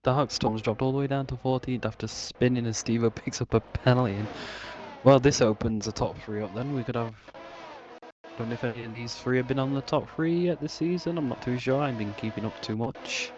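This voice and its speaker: A man's voice: medium pitch, a little fast. Laid-back male co-commentator on a dull mic. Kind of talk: sim racing commentary. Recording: dull lo-fi mic with steady hiss.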